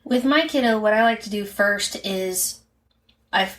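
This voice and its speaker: A woman co-host speaks in an earnest, methodical way, laying out each point in order as she chats. Her voice sits at an ordinary middle pitch, and her talk stays conversational and unscripted throughout. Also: unhurried, a bit bright. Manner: earnest, explains step by step. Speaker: podcast co-host, mother. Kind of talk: casual chat.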